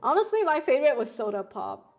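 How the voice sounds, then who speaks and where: A woman's voice: sits high, big pitch swings, fairly quick, darkish tone. A woman in her thirties, streaming and chatting casually with her viewers and laughing often. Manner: chatty, laughs often, reads chat aloud. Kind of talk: casual live-stream chat.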